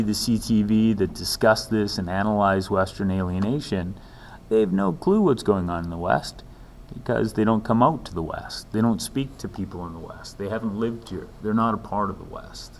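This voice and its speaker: A man's voice: lowish voice, a little hiss or hum. A man teaching a recorded lesson in a conversational way, with frequent ums and dry asides. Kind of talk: recorded lecture walkthrough.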